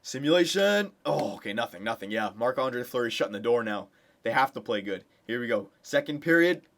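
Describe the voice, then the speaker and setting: Excitable young man cheering a game. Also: medium pitch, fairly quick. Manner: excited cheering for his team. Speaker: gameplay commentator. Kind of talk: casual video game commentary.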